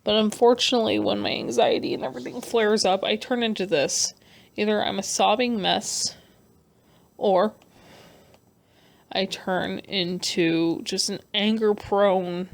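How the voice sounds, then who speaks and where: A young adult woman vlogger talking earnestly and emotionally in a halting personal rant over her speed painting. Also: medium pitch, fairly even intonation, gravelly. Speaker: artist vlogger.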